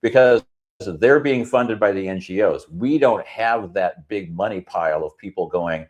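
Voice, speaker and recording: A man co-hosting a talk stream, ranting about politics in an animated way, with quick bursts and lots of "you know". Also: fairly low pitch. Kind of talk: casual political rant.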